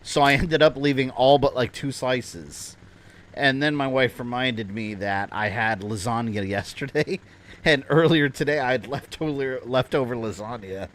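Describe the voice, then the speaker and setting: Medium in pitch and a bit bright, this man talks at a moderate pace as he streams a game from his desk at home. He's chatty and rambling, often poking fun at himself.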